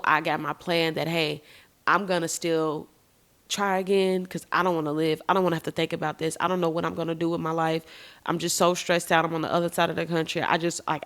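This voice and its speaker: A woman hosts her own podcast and tells a deeply personal story in a frank, expressive way. She talks straight to her listeners, drops curse words casually, and her voice sits a little lower than most women's. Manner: swears casually. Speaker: podcast host. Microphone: podcast microphone.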